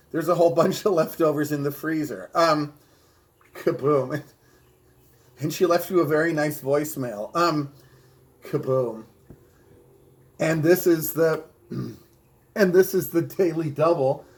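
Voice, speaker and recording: A man's voice: on the high side, rough recording. A man rehearsing a stand-up comedy bit, with punchy delivery and a repeated catchphrase. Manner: bilingual.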